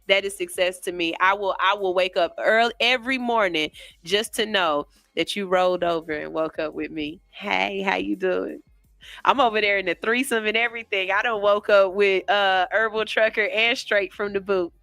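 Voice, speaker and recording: A woman's voice: mid-range voice, pushed and bright, dry recording. A woman hosting a morning radio show, chatting in a playful, teasing way. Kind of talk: casual morning radio chat. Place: radio studio.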